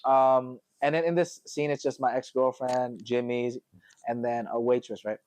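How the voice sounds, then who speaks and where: A young man hosting a podcast, chatting casually and telling lively stories while mimicking other people's voices. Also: mid-range voice, normal speed, clean tone. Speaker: podcast host. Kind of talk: casual chat.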